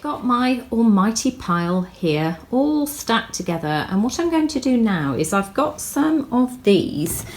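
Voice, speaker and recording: A chatty woman talks through a craft project in her kitchen, full of ums and little gasps of delight. Her voice sits at an ordinary middle pitch, picked up by a camera mic as she moves about, with a faint hiss behind her. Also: poor audio. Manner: chatty, gushing with excitement, many ums. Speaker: crafts vlogger. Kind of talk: casual how-to narration. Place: home kitchen.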